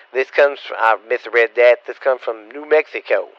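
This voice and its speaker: A man's voice: mid-range voice, a little slow, no room sound. A middle-aged man answers viewer questions in a rambling, stammering, blunt and profane way. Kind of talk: casual rambling Q&A. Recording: dull lo-fi recording.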